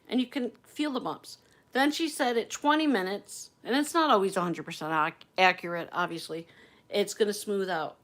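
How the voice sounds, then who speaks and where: A woman's voice: mid-range voice, normal speed, a bit bright. A woman chatting candidly on a casual livestream from her phone at home, swearing freely as she talks. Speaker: livestream host.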